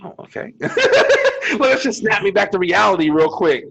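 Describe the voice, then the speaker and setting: A man's voice: high voice, huge pitch swings, unhurried, creaky, a bit bright, breathy edge. A young adult man co-hosting a casual chat, telling loose, profane stories and acting out what people said. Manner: loose, profane storytelling with acted-out quotes. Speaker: co-host.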